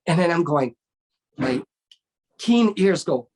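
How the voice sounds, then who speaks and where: This martial arts instructor, a middle-aged man, speaks slowly in a slightly high voice, leaving long pauses as he tells a story in a relaxed interview. He animatedly imitates the people in it and keeps tacking on "right?"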